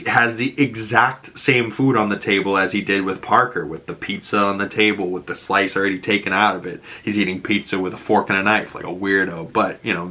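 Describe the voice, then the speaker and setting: A man's voice: low voice, pushed and bright. A man hosting a casual episode breakdown, talking in a chatty, rambling way full of fillers and laughing at his own jokes. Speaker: YouTube host reviewing a superhero show.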